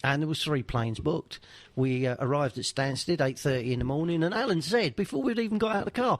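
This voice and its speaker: A slightly high-pitched man tells teasing anecdotes as a podcast guest, laughing often. The sound is close and dry. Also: sing-song, moderate pace, hardly any pauses, no echo. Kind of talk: casual banter about football.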